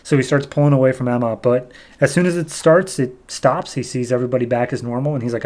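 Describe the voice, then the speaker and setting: A man's voice: medium pitch, steady tone, darkish tone. A man hosting a podcast, casually recapping comic book issues, rambling and briefly acting out characters' lines. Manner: rambling, retells scenes with quick quoted character voices. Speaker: podcast host.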